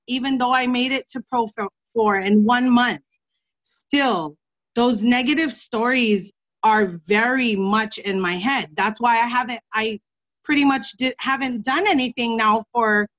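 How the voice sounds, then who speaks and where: A woman sharing on a team video call, earnest and encouraging, with halting restarts. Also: fairly high pitch, a bit bright, highs cut off.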